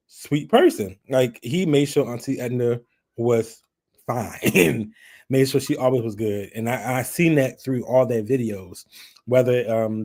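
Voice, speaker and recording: A man, chatting and laughing as he hosts a live stream. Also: mid-range voice. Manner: chatty, laughing, lively retelling. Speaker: livestream host. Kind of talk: casual live chat.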